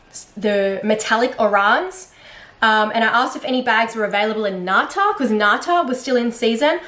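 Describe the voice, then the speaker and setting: A woman's voice: on the high side, fairly bright tone. A woman vlogging a casual storytime monologue, chatty and frustrated, with lots of fillers and restarts. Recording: roomy echo.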